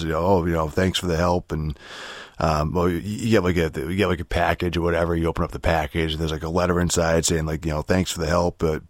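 A man's voice: sits low, no room sound, studio quality. A young man streamer in a casual, rambling rant about a video game, frustrated and swearing a lot, with many fillers and restarts.

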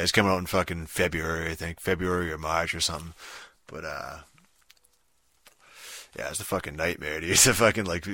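A gaming vlogger with a low-pitched, sharp-toned voice rants casually about a video game, swearing constantly and rambling with lots of fillers and "dude." It's a profane casual rant, recorded dry.

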